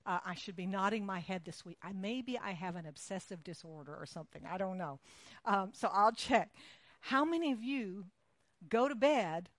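A woman delivers a sermon, leading into her point through a long story. She talks animated and conversational, slipping into the voices of the people in it. The sound is dry and close. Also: medium pitch, dry recording. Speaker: preacher.

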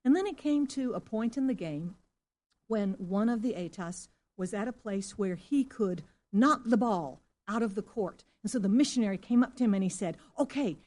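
A middle-aged woman pastor from Singapore preaches to her congregation, telling a story at a middling pitch. She keeps asking her listeners questions and now and then rises into loud exclamations. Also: animated, normal speed. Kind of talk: sermon.

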